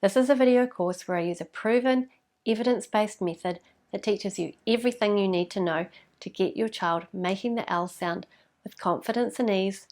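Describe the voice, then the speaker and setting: A woman, a speech therapist explaining to parents how to teach a sound, patient and clear, modelling sounds slowly. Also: mid-range voice, a little mellow.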